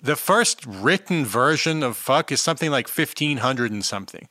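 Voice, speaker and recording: A man talks in a mid register with a bright, tense edge, explaining slang in an easygoing way. The recording is close and dry. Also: medium pitch, animated, normal speed, no room sound. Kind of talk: casual chat.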